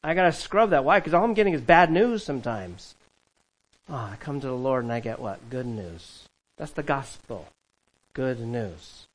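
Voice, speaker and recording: A man preaching a sermon as pastor, swinging from loud, emphatic calls to quiet asides and chuckling between points. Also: mid-range voice, animated, normal speed, low-quality recording.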